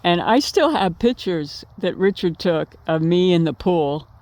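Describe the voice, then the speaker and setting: A woman's voice: lowish voice, animated, measured pace, a little mellow. A woman casually telling a personal memory to her viewers, rambling with fillers and restarts and laughing now and then. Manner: laughs while telling stories. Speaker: vlogger remembering her late partner. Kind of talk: casual storytelling.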